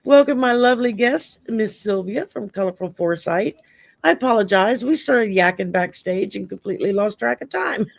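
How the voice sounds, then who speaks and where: Southern lady hosting a live chat, gravelly voice, dry close sound, laughs a lot. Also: mid-range voice, animated, normal speed, no echo. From US Gulf Coast. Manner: chatty, laughs often, says y'all. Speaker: host. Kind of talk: casual live-stream chat.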